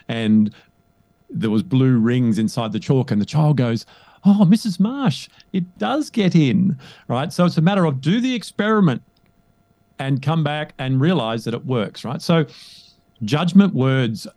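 A man speaking as a coach in a conversational interview, emphatic and animated, often checking in with "right?". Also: mid-range voice, no echo. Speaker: guest, leadership coach.

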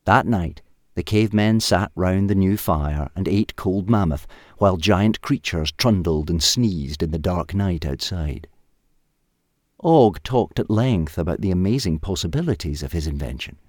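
A man reads a comic short story aloud, lively and expressive. His voice is very deep. The recording is dry, with no room sound. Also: measured pace, no echo. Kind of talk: storybook reading.

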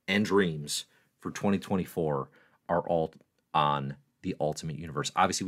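A low-pitched man hosting a live stream, his voice swinging widely as he gets worked up. He talks casually and playfully, teases himself, and answers viewer comments on the fly. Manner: excitable, playful, self-mocking. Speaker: livestream host.

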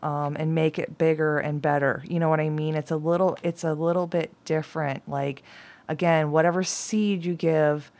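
A middle-aged woman reading tarot and oracle cards in a rambling, chatty way, laughing often and at times dropping to a soft whisper. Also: deep voice, steady tone, normal speed. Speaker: tarot and oracle card reader. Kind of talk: casual card-reading chat.

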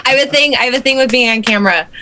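A woman's voice: high-pitched, racing, pushed and bright. A woman who dances, a guest in a casual group discussion, speaking hesitantly with many ums.

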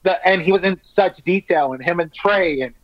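A high-pitched man talks easily and eagerly, sprinkling his sentences with "man" and "like". He sounds dry and close, with no room around him. The lo-fi line dulls his voice. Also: moderate pace, no room sound. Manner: laid-back and enthusiastic, peppered with "man" and "like". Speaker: stand-up comic, podcast guest. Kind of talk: casual podcast chat.

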